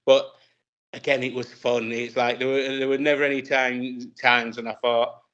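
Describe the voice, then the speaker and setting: A man tells wrestling stories in casual talk, circling back and restarting his sentences while laughing often. His voice sits at an ordinary middle pitch. The audio is dull and lo-fi. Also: level tone, normal speed, a bit bright. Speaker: wrestler, interview guest. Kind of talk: casual anecdotal storytelling.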